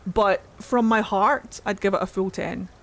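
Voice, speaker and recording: A woman from Newcastle, England, speaks with a Geordie accent in a medium-pitched, steady voice at a measured pace. She chats casually while streaming a game, swearing freely and answering chat.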